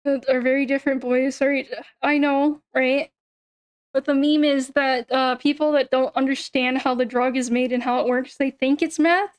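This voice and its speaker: High-voiced young woman rambling on stream. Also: fairly even intonation, normal speed, clear, resonant tone. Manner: rambling, swearing, giggly. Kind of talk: casual chat stream.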